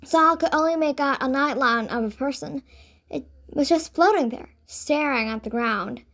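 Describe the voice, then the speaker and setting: Brief: woman storybook narrator, high, expressive read-aloud. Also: normal speed. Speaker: audiobook reader.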